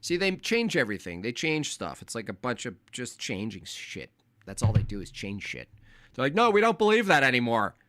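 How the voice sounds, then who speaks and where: A man hosting a live stream, ranting in a mocking, crude and animated way. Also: on the low side, moderate pace, dry recording. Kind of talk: casual live stream rant.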